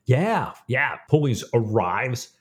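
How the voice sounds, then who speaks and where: A man's voice: medium pitch, big pitch swings, slow. A man co-hosting a podcast who retells a book's plot casually, with a lot of fillers. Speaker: podcast co-host. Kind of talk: casual book discussion.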